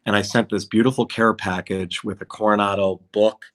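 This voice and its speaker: Low, bright-voiced man telling stories. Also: brisk. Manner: animated, acts out dialogue in quotes. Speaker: concert promoter, podcast guest. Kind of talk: anecdotal storytelling in conversation.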